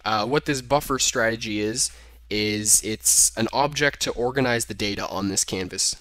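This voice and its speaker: A young man hosts a screen-recorded coding tutorial, casually working through his code aloud and correcting himself as he types. He speaks at a moderate pace in a lowish, bright, forceful voice. There is no echo, and keystrokes fill the background.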